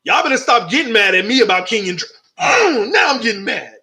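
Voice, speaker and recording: A man hosts a live football stream, his voice pitched high and ringing bright. He talks animatedly, reads out updates and argues back at comments from his viewers. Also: very animated, brisk. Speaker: sports channel host.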